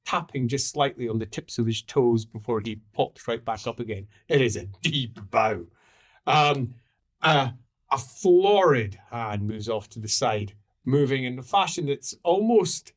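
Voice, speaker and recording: A man narrating a tabletop game as game master, in an animated, playful way. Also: medium pitch.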